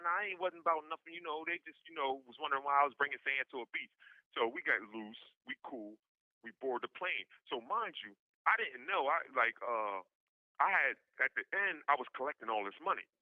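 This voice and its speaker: A man's voice: medium pitch, no room sound. A man telling a long anecdote in slangy casual talk, acting out everyone's lines with big jumps in his voice. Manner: slangy, loose street talk. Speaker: podcast guest. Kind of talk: casual storytelling. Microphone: phone line. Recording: dull lo-fi prison phone call.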